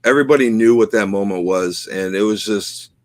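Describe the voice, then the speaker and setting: A man's voice: fairly low pitch, a little fast, dry recording. A middle-aged man co-hosting a podcast, talking in an emotional, rambling way with lots of fillers. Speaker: podcast co-host. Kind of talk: casual chat.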